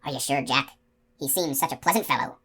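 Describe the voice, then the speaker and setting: A woman's voice: deep voice, quick pace, fairly bright tone, husky. A woman voicing a nervous, pompous male outlaw captain who talks in a fussy, lecturing way. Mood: soft, nervous.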